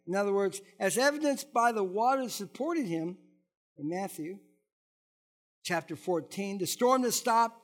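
A man's voice: sits high, a bit bright. A middle-aged male pastor giving a conversational sermon, wandering off on asides and asking the congregation questions.

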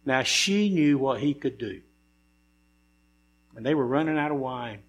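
A man's voice: medium pitch, lively intonation, unhurried, muffled recording. Man preaching a sermon over mains hum. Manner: conversational preaching that builds to emphatic rhetorical questions. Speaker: pastor. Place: church sanctuary.

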